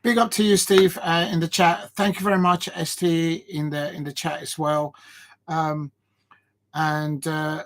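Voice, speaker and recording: A man chatting on a live football watch-along stream. He rambles, laughs, and sounds tired and short of breath. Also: fairly high pitch. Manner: chatty and rambling, laughing between tries at headers.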